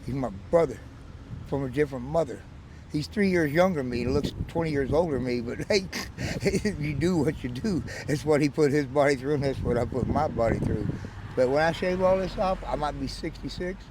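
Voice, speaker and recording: A man's voice: on the high side, animated, fairly quick, noisy background. A man in his forties with a West Texas Southern drawl, a rambling, joking storyteller in a casual outdoor street interview. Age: 40s. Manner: rambling, joking storyteller who laughs often.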